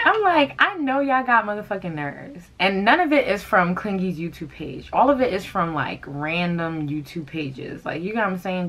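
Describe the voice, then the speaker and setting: A woman's voice: lowish voice, fairly bright tone. A woman in her thirties ranting casually to her camera in a sassy, confrontational way, breaking into laughter now and then. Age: 30s. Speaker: fashion vlogger.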